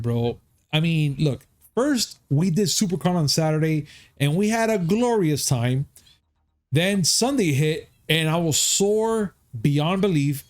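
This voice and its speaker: A man from hosting a casual geek news podcast, upbeat and hyped, swearing freely. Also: on the high side. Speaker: podcast host. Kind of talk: casual chat.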